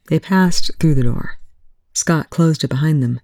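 A reader narrates fan fiction aloud in a steady, even way. The voice sits in a middle pitch with a gravelly edge, recorded close and dry. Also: measured pace, no room sound. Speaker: audiobook reader.

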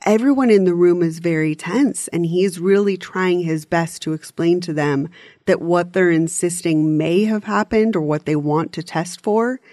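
A woman's voice: fairly low pitch, normal speed, warm tone, no room sound, clean studio sound. A woman co-hosting a podcast, recapping a true-crime documentary in casual, chatty detail. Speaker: podcast co-host.

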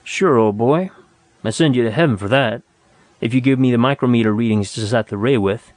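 A man's voice: mid-range voice, brisk, no room sound, natural voice. A man voicing a lazy, sly young clerk in a storybook reading, talking in a casual, offhand drawl.

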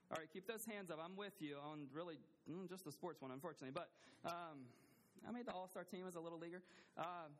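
A man's voice: high-pitched, fairly bright tone, slight background noise. A man preaching a sermon as a pastor in a church, earnestly asking the congregation questions and repeating phrases for emphasis.

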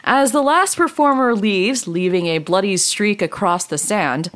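A woman narrating a tabletop role-playing game as dungeon master, in a relaxed, chatty way. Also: mid-range voice, a little slow.

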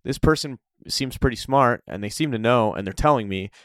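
A man telling stories in a casual conversation, animated and often laughing. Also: mid-range voice, a little fast, no echo, studio quality. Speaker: interview guest.

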